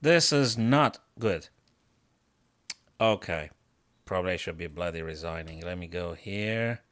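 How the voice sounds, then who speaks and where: A man's voice: low voice, expressive, unhurried, a bit bright. A chess coach streaming live, a man thinking aloud over his moves, self-mocking and bursting into exclamations.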